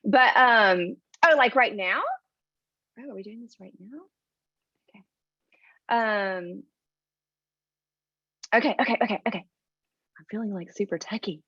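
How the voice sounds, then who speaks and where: A woman tells her personal story in a chatty, casual way, with lots of "like" and "um." She speaks at a mid pitch. The sound is dull and lo-fi video call audio in a dry room. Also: measured pace, pauses often, pushed and bright, husky, no room sound. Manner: chatty, full of "like" and "um".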